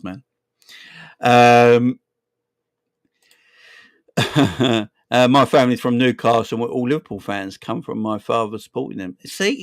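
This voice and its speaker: A man in his forties with a South London accent, hosting a casual football livestream, rambling and chatty, giving viewers shout-outs. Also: medium pitch, no room sound, clean studio sound. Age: 40s. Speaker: football channel host.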